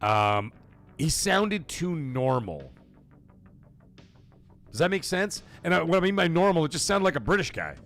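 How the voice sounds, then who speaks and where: A man's voice: fairly high pitch, sing-song, measured pace, pauses often, fairly bright tone, soft background music. A man hosting a livestream, chatting casually and profanely in a rambling way while reading chat messages. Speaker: livestream host.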